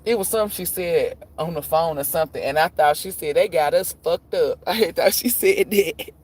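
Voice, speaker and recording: A man with a voice pitched a little high for a man, talking loosely on a livestream. He tells blunt, profane stories, laughs often and slips into the voices of the people he quotes. It is casual, unscripted chat from a tarot reader. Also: normal speed, darkish tone.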